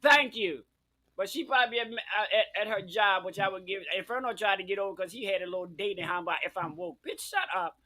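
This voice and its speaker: Bright high-voiced sassy male talk host. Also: fast talker. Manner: camp, profane, teasing, heavy on "bitch" and "honey". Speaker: host of a live online talk show. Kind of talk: brash, sassy live chat. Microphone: webcam at home.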